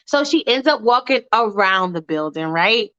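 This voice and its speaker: A woman's voice: medium pitch, lively intonation, normal speed, a bit bright. A woman from New York, a podcast host telling a freestyle story in a chatty, sassy way with plenty of cursing. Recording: dull lo-fi dry recording.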